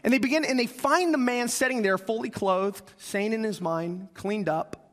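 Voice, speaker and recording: A man's voice: sits high, normal speed. A man preaching a sermon, telling a story with acted-out voices and calls to the congregation. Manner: animated, acts out quoted voices, asks the congregation. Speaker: pastor. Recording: long reverb of a large hall.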